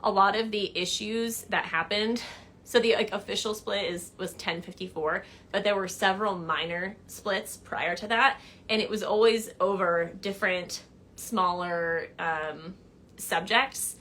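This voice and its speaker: A woman's voice: mid-range voice, unhurried, a bit bright, slight background noise. A woman hosting a casual livestream, answering viewer questions in a chatty way with many "like" and "um" fillers. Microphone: phone or laptop mic on a livestream.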